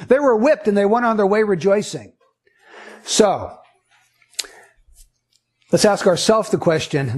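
A man preaching a sermon, reading scripture aloud and teaching earnestly through rhetorical questions. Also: sits high.

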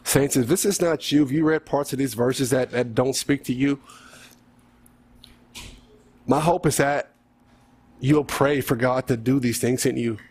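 A man's voice: medium pitch, fairly even intonation, a little slow, pauses often, darkish tone, slightly rough. A male preacher giving an earnest sermon, then leading a prayer, pleading with listeners and often calling out "saints" and "God".

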